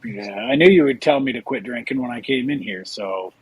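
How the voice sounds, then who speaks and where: A man's voice: mid-range voice, very animated, a little fast, vocal fry, breathy edge, no room sound, rough recording. A man chatting casually with friends, blunt and crude. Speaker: chat guest. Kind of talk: casual chat.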